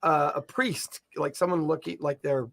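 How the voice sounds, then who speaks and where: A man's voice: a little high, steady tone, moderate pace, a bit bright. A man narrating a tabletop game as game master, describing scenes vividly and laughing often.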